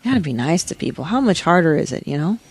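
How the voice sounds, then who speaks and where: A woman's voice: low voice, big pitch swings, fast talker, darkish tone, breathy edge, no echo. A woman co-hosting a podcast, chatting casually with blunt, profane banter. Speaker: podcast co-host.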